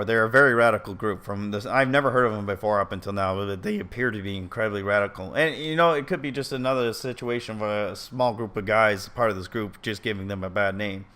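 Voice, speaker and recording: A man's voice: on the low side, a little fast, fairly bright tone, smooth. A man giving casual commentary as he reads an article aloud, earnest and opinionated, rambling and often stumbling and correcting himself. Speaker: video commentator.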